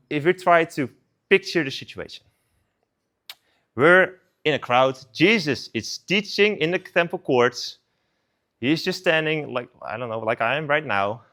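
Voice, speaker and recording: At a student service, a young adult man with a mid-range voice gives a casual sermon. He retells the story in an animated, conversational way, his loose speech full of filler like "like."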